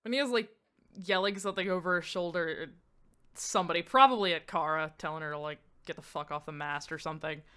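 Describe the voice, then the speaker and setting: A woman's voice: fairly low pitch, quick pace, pushed and bright, smooth. A woman playing a tabletop game, narrating her character's actions in a casual, swearing, joking way.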